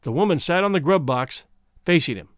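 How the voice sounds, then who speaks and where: A male audiobook narrator with a fairly high voice and animated, varied intonation, reading a classic story. The recording is close and dry with no room sound. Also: no echo. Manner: expressive, measured narration.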